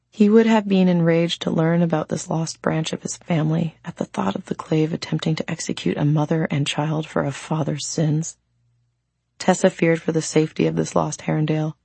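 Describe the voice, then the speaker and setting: A woman narrates a novel in a calm, reflective audiobook reading. Her voice is low, dark and gravelly with a husky edge, recorded dry and close. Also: no echo. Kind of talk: scripted narration.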